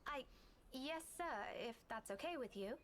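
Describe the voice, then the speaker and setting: A woman's voice: high-pitched, animated, normal speed. An actress voicing a polite, deferential young woman researcher in a game, speaking hesitantly.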